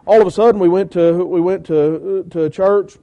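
A man's voice: high voice, steady tone, normal speed, gravelly, highs cut off. A man from Georgia, a preacher telling his church-planting story in a sermon, acting out quoted conversations. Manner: storytelling with many quoted exchanges, rising intensity when quoting others. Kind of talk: sermon testimony.

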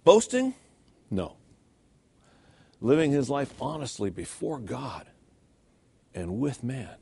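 A man preaching a sermon in a church, animated and rhetorical, often checking in with "okay?". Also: mid-range voice, takes it slowly, vocal fry, breathy edge. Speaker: pastor.

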